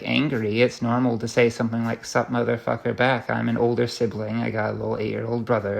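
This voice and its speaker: A young man with a creaky, medium-pitched voice speaks straight to camera in a confessional vlog. He rambles ruefully and keeps restarting his sentences.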